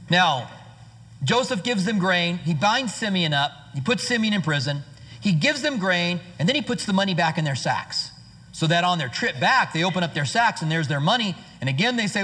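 A man's voice: sits high, lively intonation, normal speed, pushed and bright, husky. A male pastor preaching a sermon in a church, earnest and conversational with his congregation. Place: church sanctuary. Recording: hall reverb.

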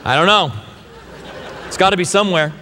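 A man's voice: sits high, a little fast, a faint crowd, a little hiss or hum. Man preaching in a reverberant hall. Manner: animated preaching, acting out voices of doubters. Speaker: pastor. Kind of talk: sermon. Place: large church sanctuary.

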